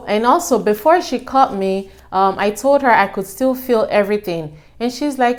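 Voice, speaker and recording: A woman's voice: normal speed, hardly any pauses. A young adult woman casually telling her own story to her viewers, acting out what people said with a raised voice. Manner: animated, acts out quotes with raised pitch.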